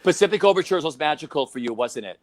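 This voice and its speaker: A man's voice: fairly high pitch, lively intonation, fast talker, dry recording. A man hosting an interview, asking questions eagerly and answering with frequent short affirmations. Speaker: interview host. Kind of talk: conversational interview.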